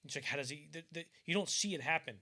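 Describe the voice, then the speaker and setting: A man's voice: on the high side, fast talker, bright, forceful tone. A young man co-hosting a podcast, chatting casually about films, rambling with lots of fillers and acting out scenes in mock voices. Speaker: podcast co-host. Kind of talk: casual film discussion.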